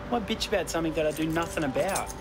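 A man's voice: a little high, quick pace, echoey room, loud music behind the voice, close to an everyday voice. An actor with an Australian accent playing a fed-up young male retail worker, indignant and sarcastic.

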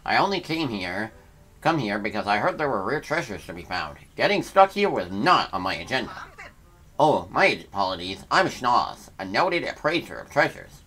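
A man's voice: lowish voice, very animated, normal speed, pushed and bright, heavily acted. A man voicing a polite, flustered male treasure appraiser in a formal, put-on accent, reading game dialogue aloud. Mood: courteous.

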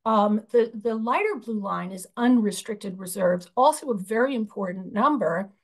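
A woman's voice: medium pitch, moderate pace. A woman chairing a union budget committee, presenting slides over a video call, explaining with frequent fillers and restarts.

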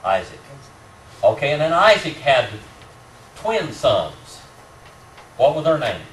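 A man of medium pitch teaches a Bible class at church at a slow pace, his voice rising and falling dramatically. He asks questions, chuckles between points, and teases affectionately. The room mic sits at a distance, giving a roomy amateur sound with faint hiss.

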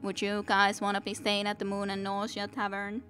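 A woman's voice: mid-range voice, completely flat delivery, normal speed, fairly bright tone, faint music behind. A young woman streamer reading a fantasy novel aloud, with chatty asides to her viewers.

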